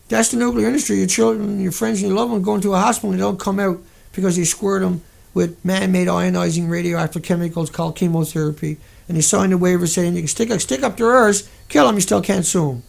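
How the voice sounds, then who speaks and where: Gravelly, fired-up ranting man. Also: sits high, darkish tone. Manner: indignant, profane, sarcastic. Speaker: vlogger. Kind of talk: angry monologue rant.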